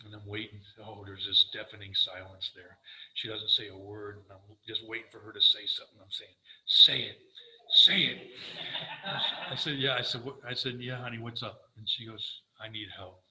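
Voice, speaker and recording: Older guy sharing his recovery story, bright punchy voice, lots of echo around him. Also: on the low side, a little fast, slight background noise. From Florida. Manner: earnest storytelling, quoting himself, animated. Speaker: recovery speaker. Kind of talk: personal testimony talk.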